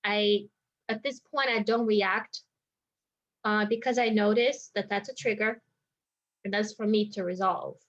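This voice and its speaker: Long pauses punctuate this energy healer's unhurried vlog about a personal experience, her medium-pitched, slightly bright voice holding fairly even intonation. She keeps circling her thoughts, peppered with "like" and "you know." The sound is dull and lo-fi.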